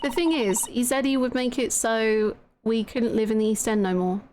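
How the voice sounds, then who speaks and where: A woman's voice: on the high side, steady tone, darkish tone, a little hiss or hum, lightly acted. A woman voicing a streetwise young working-class woman from the East End in a video game, speaking plainly and defiantly, with game music behind. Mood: bitter. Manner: plain-spoken, defiant, slow. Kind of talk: reading game dialogue aloud.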